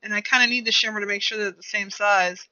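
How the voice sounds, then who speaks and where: A woman's voice: medium pitch, fairly even intonation, fast talker, sharp tone. A young woman streamer chatting casually and rambling to herself while she plays a game. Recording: dull lo-fi recording.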